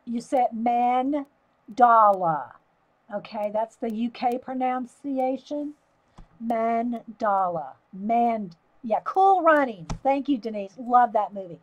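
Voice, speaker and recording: A woman with a Southern US accent, chatting on a livestream, her voice sitting a little high for a woman. She talks easily to her viewers and laughs often while she sketches. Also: lively intonation, slow, dull audio. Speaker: livestream host. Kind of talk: casual live-stream chat while drawing.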